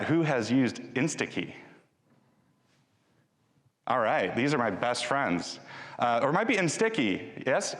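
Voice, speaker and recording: A man giving a live conference talk with a demo, chatty and joking, often restarting his sentences. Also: mid-range voice. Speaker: conference speaker. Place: large conference hall. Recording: long hall reverb.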